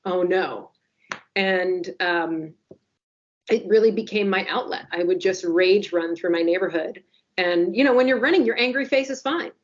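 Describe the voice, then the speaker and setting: A woman in her forties co-hosting a casual podcast chat, telling stories with wry, self-deprecating humor and quick asides. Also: on the low side. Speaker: newspaper podcast co-host. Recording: slightly dull lo-fi audio.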